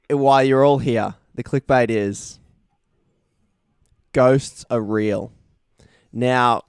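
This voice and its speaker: A man's voice: mid-range voice, no echo, studio quality. A man hosting a casual podcast interview, chatty and teasing his guest. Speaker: podcast host.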